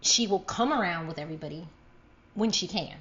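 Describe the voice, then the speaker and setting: A woman's voice: fairly low pitch, brisk, highs cut off. A woman co-hosting a parenting podcast in casual chat, telling stories with acted-out quotes and frequent laughter. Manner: animated storytelling, acts out quotes, laughs often. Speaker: podcast co-host.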